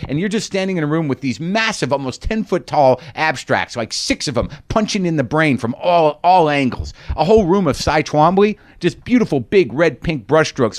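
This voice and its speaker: A man's voice: a little high, dry recording, studio quality. A middle-aged man hosting a podcast, telling stories in a rambling, candid, profane and self-mocking monologue. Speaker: podcast host. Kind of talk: monologue storytelling.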